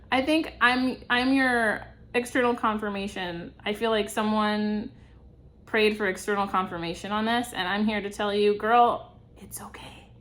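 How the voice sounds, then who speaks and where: A woman's voice: mid-range voice, measured pace, fairly bright tone. A young woman giving a casual tarot reading, chatty and reassuring, laughing often. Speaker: tarot reader.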